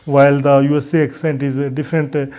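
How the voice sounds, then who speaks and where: Hesitant man with a mellow voice. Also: medium pitch, flat delivery, quick pace. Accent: non-native English. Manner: hesitant, frequent "uh" fillers, earnest advice. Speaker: English teacher. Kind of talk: spoken English lesson to camera.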